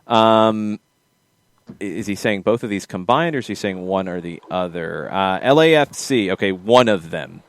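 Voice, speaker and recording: A man hosting a casual soccer podcast, quick and lively, teasing his co-hosts. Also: low-pitched, no echo. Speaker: podcast host. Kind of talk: casual sports chat.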